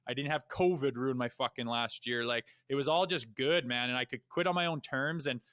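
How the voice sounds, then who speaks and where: Bright, dry-voiced man telling stories. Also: medium pitch, fairly quick, no echo. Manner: blunt and profane, with animated asides. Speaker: podcast guest, retired hockey player. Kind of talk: casual storytelling.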